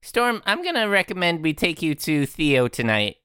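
A woman's voice: on the low side, big pitch swings, moderate pace, a bit bright, clean tone, no echo, studio quality. A woman playing a tabletop game, teasing her fellow players in a matter-of-fact way. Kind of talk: in-character banter at a tabletop game.

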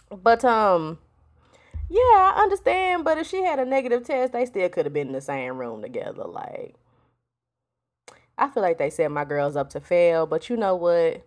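A woman's voice: low-pitched, very animated, moderate pace. A woman hosting a solo podcast, talking in a blunt, sassy, profane casual way. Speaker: podcast host. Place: home, with a storm outside.

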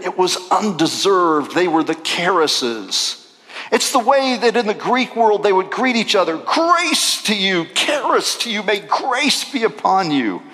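Animated high-voiced male preacher. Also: long reverb tail. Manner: animated, acts out voices and jokes. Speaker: pastor. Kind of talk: sermon.

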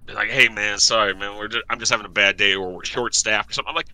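A man's voice: on the low side, fairly even intonation, quick pace, sharp tone, no echo. A man in a casual chat, laid-back, swearing and calling people "man" and "dude".

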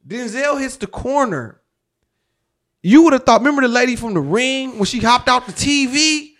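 Male actor guest, high-pitched, animated and slangy storyteller. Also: moderate pace. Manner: animated, slangy, swears freely. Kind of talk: casual storytelling.

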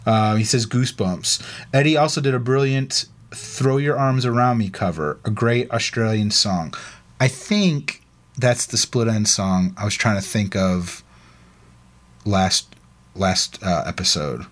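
A man's voice: lowish voice, measured pace. A man co-hosting a casual podcast, laid-back and chatty, reading a listener's email aloud with asides and laughs. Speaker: podcast co-host.

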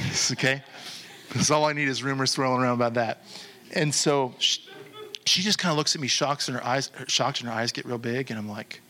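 Animated storytelling pastor, a man. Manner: animated, acts out quoted voices with sudden high jumps; drops to slow, hushed delivery for the closing appeal. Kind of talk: sermon with storytelling.

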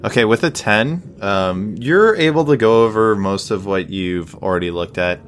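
A man narrating as game master of a tabletop game, halting, with many fillers. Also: on the low side, slight background noise.

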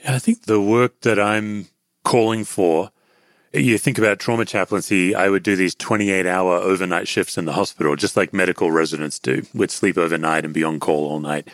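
A man's voice: low voice, fairly even intonation, normal speed, no echo, studio quality. An Australian man, a podcast guest and author, answering interview questions in an earnest, reflective, pastoral way.

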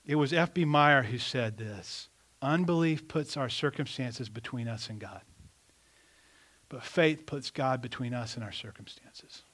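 A man preaching a sermon in an animated, conversational way, asking the congregation rhetorical questions. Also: mid-range voice. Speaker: pastor.

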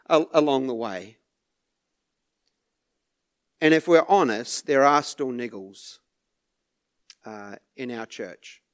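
A man preaching a sermon to his church, unhurried, with small laughs and repeated words. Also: a little high. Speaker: pastor.

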